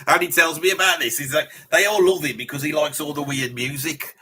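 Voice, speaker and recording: A man's voice: a little high, sharp tone, husky. A man putting on a brash, mouthy metalhead bloke with a Birmingham accent, blustering and rambling through a live reaction stream. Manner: blustering and rambling, swears casually, laughs at his own jokes. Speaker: livestream host in character.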